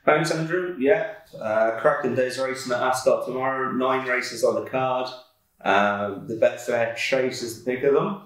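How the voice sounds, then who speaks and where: A man's voice: mid-range voice, a little slow, fairly bright tone. A man co-hosting a horse racing podcast in a casual, laid-back chat from an office, full of fillers and restarts. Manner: laid-back, filler-heavy, self-correcting. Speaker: podcast co-host, racing tipster. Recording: echoey room, far from mic.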